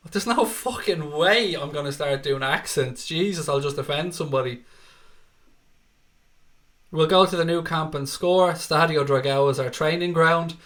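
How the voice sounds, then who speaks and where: Irish male host, Dublin accent, slightly higher voice, loose and sweary, reads chat between match updates. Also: a bit bright. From Ireland. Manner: chatty, swears freely, reads viewer comments aloud. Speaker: livestream host. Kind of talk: live match watchalong commentary and chat.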